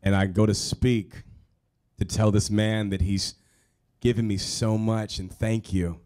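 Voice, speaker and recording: Self-mocking male storyteller, lowish voice. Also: measured pace. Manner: emotional, self-mocking, with rising excited bursts. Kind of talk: live personal storytelling. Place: stage at a live storytelling show.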